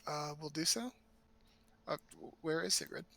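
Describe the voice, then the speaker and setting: Gravelly, higher-voiced hesitant player man. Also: normal speed, sharp tone. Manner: hesitant, stumbling restarts. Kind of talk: casual tabletop game chat.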